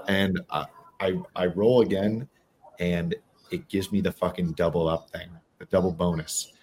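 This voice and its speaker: Deep-voiced man telling a profane story. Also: normal speed, a little hiss or hum. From New England. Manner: animated, profane, acts out quotes. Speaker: guest. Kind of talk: casual storytelling.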